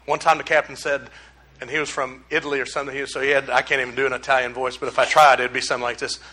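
A man's voice: medium pitch, flat delivery, very fast, pushed and bright. A man preaching a casual sermon, rambling and conversational with folksy asides to the congregation. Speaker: pastor.

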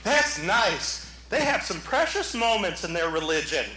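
A man preaching a sermon as pastor, animated, rising to shouts and dropping into playful asides. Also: sits high, a little slow, roomy sound, low-quality recording. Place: church sanctuary.

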